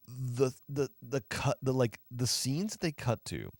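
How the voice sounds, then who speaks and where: A man's voice: mid-range voice, measured pace, no echo, studio quality. A man co-hosting a film podcast, talking casually and sarcastically with lots of fillers, acting out lines from the film. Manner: animated, acts out quoted lines in funny voices. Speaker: podcast co-host, film reviewer. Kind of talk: casual chat.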